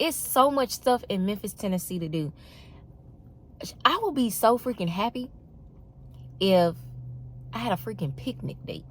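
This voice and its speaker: A young woman, talking casually and emphatically to the camera, with an exasperated storytelling manner. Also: mid-range voice. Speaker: vlogger.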